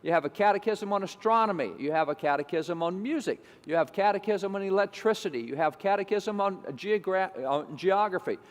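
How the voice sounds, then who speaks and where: A man's voice: high-pitched, brisk, few pauses, big-room sound. A man giving an emphatic, repetitive lecture to an audience. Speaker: speaker.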